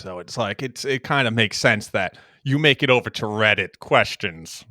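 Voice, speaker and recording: A man's voice: fairly low pitch, normal speed, few pauses, dry recording, clean studio sound. A young man co-hosting a podcast, chatting casually and telling stories with lots of laughter. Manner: animated storytelling, laughing. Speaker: podcast co-host. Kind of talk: casual chat.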